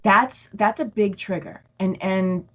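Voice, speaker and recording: A woman's voice: mid-range voice, slow pace, lo-fi sound. A woman speaking as an interview guest, casually telling stories and acting out her own inner voice. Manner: animated storytelling, acts out her own inner voice. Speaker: guest, empath coach.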